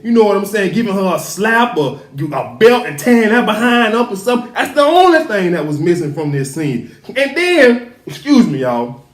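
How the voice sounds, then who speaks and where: Male recap host, high and highly animated, with roomy echo. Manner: emphatic, talks back to the characters, laughs often.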